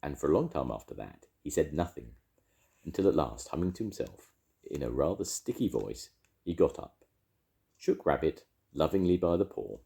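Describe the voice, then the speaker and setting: An older man reading a children's story aloud in an expressive, lilting way. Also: rumbling low, moderate pace, creaky.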